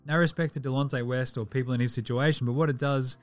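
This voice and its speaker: An Australian man hosting a casual sports podcast, joking, swearing and jumping into bursts of excitement. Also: mid-range voice, fast, few pauses, soft background music. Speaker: podcast host.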